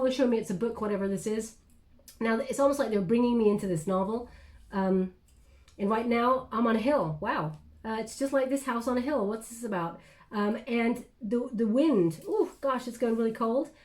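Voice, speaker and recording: A woman giving an intuitive tarot reading to camera, chatty and reflective, with many pauses and restarts. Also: a little high, darkish tone. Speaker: tarot reader.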